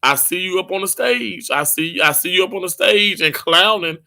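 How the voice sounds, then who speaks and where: A man hosting a casual live stream, talking straight to viewers in the chat. His voice is a touch high and strikingly bright. He rambles warmly, trips over restarts, and breaks into quick laughs. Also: creaky. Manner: chatty, animated, quick laughs, many restarts.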